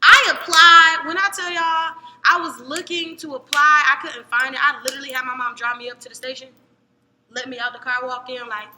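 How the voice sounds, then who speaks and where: A young woman from Cleveland telling a story in casual podcast chat, animated, jumping between loud excited bursts and low murmurs. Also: fairly quick. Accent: American, Cleveland. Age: young adult. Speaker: podcast co-host. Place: podcast studio. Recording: echoey room with long reverb, faint noise.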